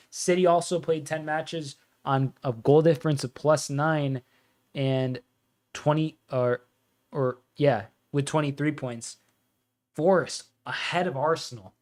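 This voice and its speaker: Excitable man commentating a football watch-along. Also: on the high side. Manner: excitable fan commentary, reads out scores and reacts to chat.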